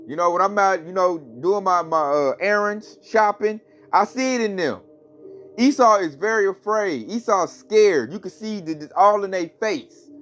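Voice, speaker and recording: High-voiced preachy vlogging man. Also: a bit bright. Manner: repetitive, preachy, slangy, frequent laughs. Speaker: channel host. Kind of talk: religious commentary vlog.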